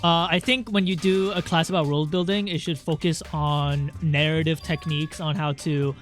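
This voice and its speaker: High-voiced rambling young man streamer. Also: fairly even intonation, moderate pace, fairly bright tone, soft background music. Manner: rambling, swears, reads game lines aloud. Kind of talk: casual game stream chat.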